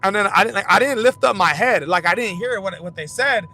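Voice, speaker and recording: Behind the wheel, the young host of a fight commentary channel rambles through casual, profane stories, frequently starting over. His delivery is a little fast and sharp-toned, with the car's rumble in the background.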